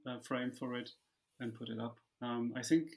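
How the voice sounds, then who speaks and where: A man with a mid-range voice, appearing as a guest author on a podcast. He speaks casually and haltingly, with a lot of "um" between his thoughts. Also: mid-range voice, steady tone, a little mellow. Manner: hesitant, with many "um" fillers. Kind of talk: casual interview chat.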